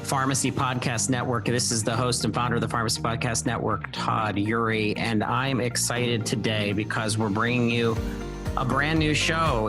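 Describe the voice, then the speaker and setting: A man hosting a podcast interview, enthusiastic and effusive as he welcomes a new host. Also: mid-range voice.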